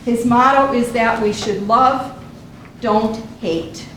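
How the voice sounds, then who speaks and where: A woman's voice: a little high, slow, a bit bright, slight background noise. A woman giving an earnest, formal introduction of a guest speaker at an event. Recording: very echoey hall, far from the mic.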